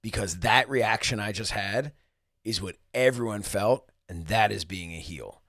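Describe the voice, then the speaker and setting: A man co-hosting a podcast in casual chat, excitable and swearing freely. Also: on the low side, measured pace, dry recording, studio quality. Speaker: podcast co-host.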